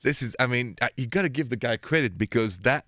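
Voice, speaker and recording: A man's voice: mid-range voice, lively intonation, quick pace, fairly bright tone, no room sound, clean studio sound. A man with a thick French accent hosting a late-night call-in radio show about love, talking in a playful, romantic way. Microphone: studio microphone.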